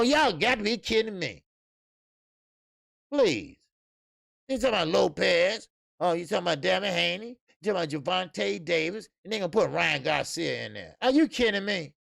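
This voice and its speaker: Boxing channel host: a man with a heavy gravelly voice and a profane, emphatic delivery, stuttering "uh" fillers, dry recording. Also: high voice, a bit bright, dry recording. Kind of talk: casual boxing commentary rant.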